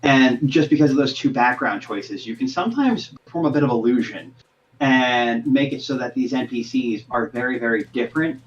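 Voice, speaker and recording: Voice actor explaining, dull lo-fi sound. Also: male voice, medium pitch, animated, moderate pace. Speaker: voice actor and game master guest. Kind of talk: podcast interview.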